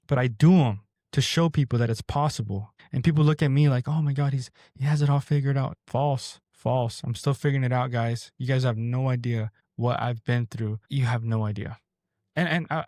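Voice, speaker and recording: A man's voice: mid-range voice, darkish tone, no echo, studio quality. Blunt young man giving a pep talk. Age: 20s. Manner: blunt, straightforward, pep-talking. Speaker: podcast host. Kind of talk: motivational podcast monologue. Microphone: camera with a mic.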